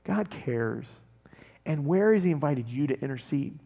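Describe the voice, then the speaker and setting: A male pastor giving a casual, conversational sermon, animated and laughing often as he tells stories. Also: mid-range voice, unhurried, creaky, husky, big-room sound, highs cut off.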